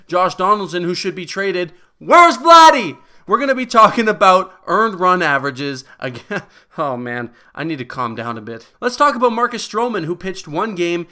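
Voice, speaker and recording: A man tearing through a baseball stats recap in a heated, profane rant. His voice sits a bit high and comes across forceful and tense. He sounds exasperated as he runs through the numbers. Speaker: guest sports commentator.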